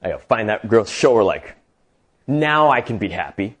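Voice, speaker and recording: A man's voice: fairly low pitch, very animated, normal speed. A cocky, self-absorbed rich man who talks boastfully about what he owns, as a man puts him on. It sounds close to the storyteller's own voice. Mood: determined.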